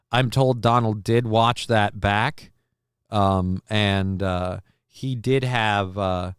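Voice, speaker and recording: Brief: male host, smooth clear voice, dry close sound, foul-mouthed rambling clip commentary. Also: on the low side, dry recording. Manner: crude, rambling, lots of fillers and swearing. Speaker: live show host. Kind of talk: casual commentary reacting to clips.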